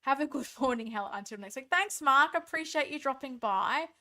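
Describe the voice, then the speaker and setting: A woman's voice: sits high, animated, brisk, sharp tone. An Australian woman hosting a casual live stream late at night, tired, reading viewer comments aloud and answering them in a chatty, thankful way.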